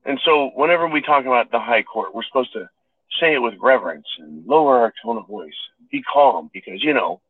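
A man's voice: mid-range voice, expressive, a little fast, slightly rough, no room sound. Sarcastic ranting man over a tinny line. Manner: sarcastic, ranting, addresses listeners as folks. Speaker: podcast host. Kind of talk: opinionated political monologue. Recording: tinny phone-like sound.

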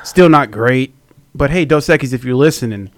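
A man's voice: medium pitch, expressive, moderate pace, no echo. Crude laughing young man, bro talk. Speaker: podcast co-host. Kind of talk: casual beer-tasting chat.

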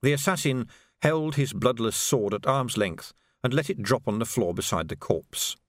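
A man narrates a novel as an audiobook, reading a script at normal speed in a medium-pitched voice. His delivery is expressive and story-driven, and the studio-quality recording has no echo.

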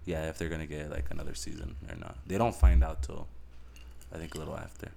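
A man's voice: extremely low pitch, little pitch movement, fast talker, creaky, warm tone, a little hiss or hum. A man co-hosting a podcast in casual chat, teasing dryly and swearing casually. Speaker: podcast co-host.

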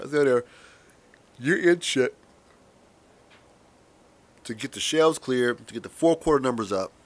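A man hosting a podcast, delivering a sarcastic, profane comedic monologue that swings between loud emphasis and muttered asides. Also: mid-range voice. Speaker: podcast host.

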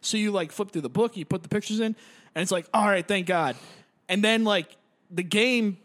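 Brief: young man, high voice, rambling casual chat, swears a lot. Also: brisk, fairly bright tone. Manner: rambling, heavy filler words and swearing. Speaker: gamer describing a game.

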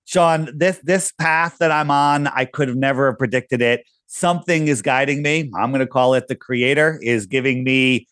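A man's voice: medium pitch, fairly even intonation, moderate pace, few pauses, a bit bright, clear, resonant tone, no room sound, studio quality. A middle-aged man talking casually as a podcast guest, telling stories and acting out quoted voices. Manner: storytelling, acts out quoted voices. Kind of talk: casual conversation.

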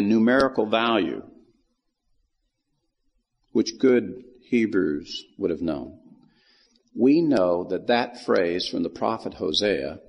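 A man teaches scripture in a relaxed, folksy storytelling way, acting out the lines of the people in the story. His voice is gravelly and a bit husky. It rings in a hall with a long echo. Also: on the low side, muffled recording. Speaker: Bible teacher. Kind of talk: Bible teaching.

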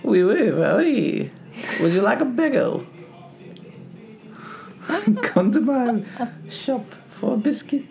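A man's voice: very high voice, sing-song, extremely slow, creaky, long pauses, faint music behind, pitched above the performer's own voice, exaggerated voice. A man voicing a cheesy male French baker, in an over-the-top singsong put-on accent. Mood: playful.

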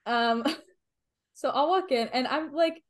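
A woman's voice: high-pitched, takes it slowly. A woman player describing her character in a tabletop game, chatty and giggly.

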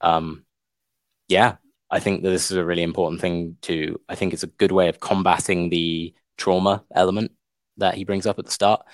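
A man co-hosting a casual podcast chat. He comes across as relaxed and agreeable, mostly backing up his partner and then offering short reflections. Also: sits low, moderate pace, no room sound. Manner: relaxed, agreeable listener who reflects briefly. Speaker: podcast co-host. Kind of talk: casual chat about a book.

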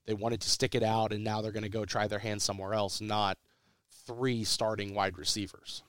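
A man's voice: fairly low pitch, flat delivery, moderate pace, fairly bright tone, clear, resonant tone, dry recording, studio quality. Congested man hosting a podcast. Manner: rambling, repeats his words as he restarts. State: sick, congested voice. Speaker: podcast host. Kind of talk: casual sports podcast chat.

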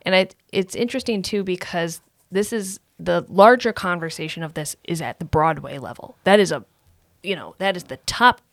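A woman who does marketing for a theatre, speaking in a measured, reflective way in a casual interview. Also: fairly low pitch, dry recording, studio quality.

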